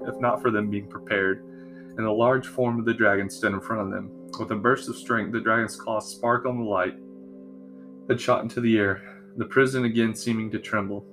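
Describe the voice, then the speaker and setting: A man narrating a fantasy story in a steady, even storytelling manner. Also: on the low side. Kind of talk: fantasy audiobook reading.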